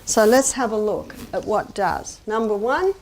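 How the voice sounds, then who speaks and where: A woman's voice: medium pitch, animated, a little slow, a little hiss or hum. A middle-aged woman giving a chatty, anecdotal health lecture to a live audience and asking them questions. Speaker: health presenter.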